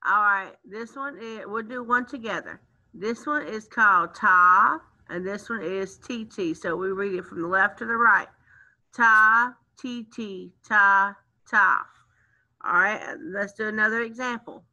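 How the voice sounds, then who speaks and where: A woman teaching a children's music lesson, chanting rhythm syllables in a slow sing-song way. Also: medium pitch, bright, forceful tone, muffled recording.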